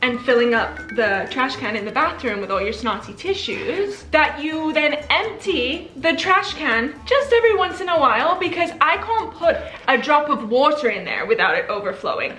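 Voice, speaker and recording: A woman's voice: sits high, big pitch swings, normal speed, hardly any pauses, sharp tone, echoey room, faint music behind. A young woman co-hosting a couple's channel, chatting casually with playful, mock-exasperated teasing. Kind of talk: casual chat.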